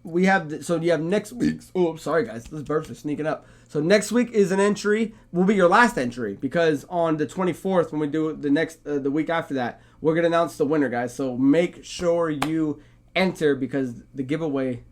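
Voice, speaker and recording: Chill guy hosting a gaming podcast, kinda high voice, rambles and swears a lot. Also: moderate pace. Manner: relaxed, rambling, swears freely. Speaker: podcast co-host. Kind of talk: casual podcast chat.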